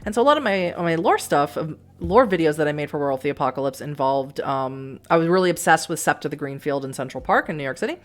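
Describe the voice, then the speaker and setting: A woman's voice: low-pitched, expressive, quick pace, few pauses, soft background music. A middle-aged woman from the Boston area with a faint Boston accent, chatting and rambling to viewers while playing a story game. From Boston area, USA. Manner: chatty, rambling, frequent restarts and laughs. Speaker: streamer playing a narrative game. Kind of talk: let's play, reading aloud and chatting with viewers.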